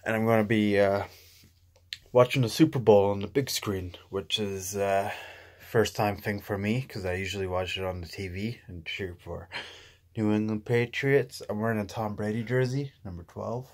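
A young man from Canada talking casually to his vlog audience, low-key and sleepy since he just woke up. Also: moderate pace. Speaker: vlogger.

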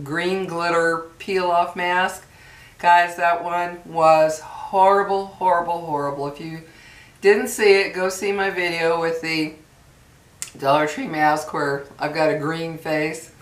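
A woman chatting casually to camera in a product review vlog, folksy and drawn-out on her emphasis. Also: on the low side. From New Mexico. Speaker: beauty vlogger. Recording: echoey room, far from mic.

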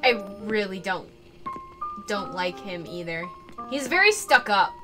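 A woman streaming a video game in casual chat, talkative and quick to burst into excited squeals and laughter. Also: mid-range voice, over music.

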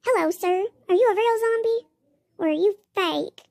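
In an extremely high, vocal-fried, darkish voice at a moderate pace with no echo, a performer plays a sad loser male mall cop stuck in a bunny suit. The game role-play voice is whiny, self-pitying and pleading, embarrassed and often near tears.

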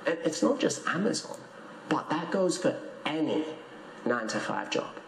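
A man's voice: on the high side, big pitch swings, moderate pace, creaky. A man ranting preachily to camera in an indignant tone. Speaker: online salesman in a video. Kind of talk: preachy video rant. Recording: echoey room.

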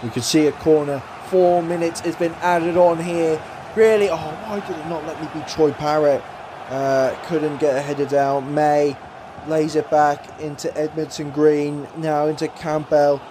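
A young man giving excited commentary on his own football video game match, swinging between mock commentator lines and exasperated, mildly sweary outbursts. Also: on the high side, moderate pace, background noise. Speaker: gaming YouTuber.

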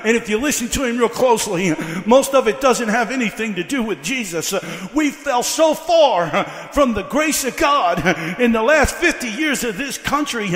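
A man's voice: very high voice, expressive, normal speed, a bit bright. A male evangelist preaching a fiery revival sermon, breaking his lines with "uh" and building by repeating the same questions. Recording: echoey hall.

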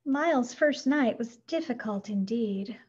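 A woman narrating a children's storybook in a gentle, expressive read-aloud. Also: fairly high pitch, measured pace, breathy edge. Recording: dull lo-fi recording.

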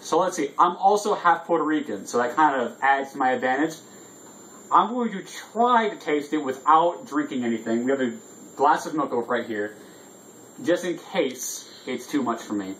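A man's voice: medium pitch, expressive, moderate pace, a bit bright, slight background noise, rough recording. A drunk man hosting a casual vlog, rambling loosely and swearing freely. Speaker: vlog host. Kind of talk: casual chat.

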